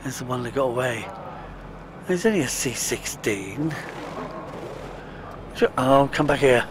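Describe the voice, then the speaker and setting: Casting: British man, unhurried gamer commentary, chuckly and self-muttering, faint game sounds behind. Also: medium pitch, lively intonation, noisy background. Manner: chatty, chuckling, mutters to himself. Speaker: let's play gamer. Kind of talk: casual gameplay commentary.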